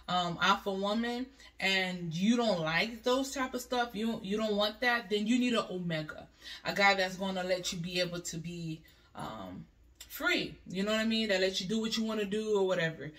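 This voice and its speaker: A woman talks through relationship advice in a loose, chatty way, often checking in with her listener. Her voice sits at an ordinary middle pitch. The mic is some distance from her, so she sounds a little removed. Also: fairly bright tone. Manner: chatty, leans on "you know what I mean". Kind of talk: casual advice talk to camera. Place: bathroom. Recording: voice a bit far from the mic.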